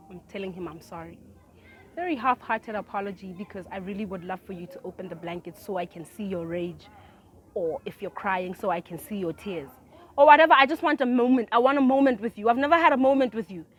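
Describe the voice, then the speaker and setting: A woman telling a personal story in casual chat. She swings from low mutters to loud outbursts and often laughs as she talks. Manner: laughs through her own story.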